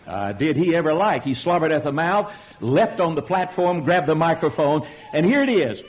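A man's voice: fairly high pitch, expressive, normal speed, muffled recording. A man preaching a fiery sermon, emphatic and rhetorical, calling out questions to his congregation.

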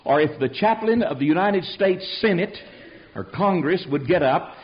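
A man's voice: high-pitched, expressive, normal speed, dull audio. A man preaching a fiery sermon, emphatic and rhetorical, calling out questions to his congregation.

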